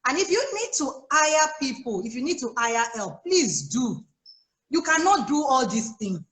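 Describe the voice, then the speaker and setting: A woman with a Nigerian English accent, a life coach giving chatty, animated advice to new mothers on a video call, laughing often. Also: sits high, moderate pace, reverberant. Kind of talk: casual advice on a live chat. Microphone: phone or laptop on a video call.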